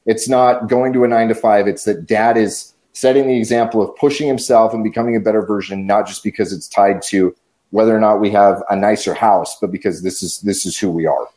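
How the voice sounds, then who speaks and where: A man with a low, mellow voice speaks earnestly in a panel chat. He affirms the others and builds on their points. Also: fairly even intonation, a little fast. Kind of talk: casual panel discussion.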